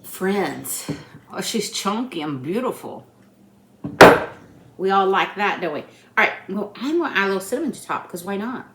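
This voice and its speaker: A woman's voice: medium pitch, sing-song, normal speed, long pauses, very noisy. A woman with an Appalachian accent hosting a home cooking video, chatting folksy and friendly to her viewers as she bakes in her kitchen. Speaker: home cooking channel host. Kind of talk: casual cooking demonstration.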